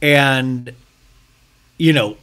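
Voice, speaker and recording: A man hosting a solo TV recap podcast, joking and irreverent, talking fast and swearing casually. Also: mid-range voice, clean tone. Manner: fast, animated, breaks into mocking impressions. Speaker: podcast host.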